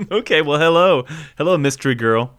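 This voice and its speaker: A man's voice: on the high side, big pitch swings, fairly bright tone, clear, resonant tone. A man co-hosting a podcast in casual chat, playful and teasing. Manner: playful, teasing, quick to laugh. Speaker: podcast co-host.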